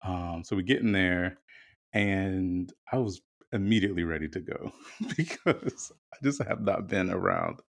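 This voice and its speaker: This is a man with a very low, deep voice, talking in a relaxed, candid way as a podcast co-host. He tells his story in loose, chatty conversation, dropping the occasional swear word. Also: measured pace, vocal fry. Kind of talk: casual chat.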